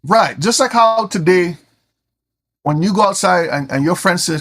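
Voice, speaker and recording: A man teaching scripture in an animated way, often repeating words as he starts a sentence. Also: high-pitched, a little fast, slightly rough. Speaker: Bible teacher.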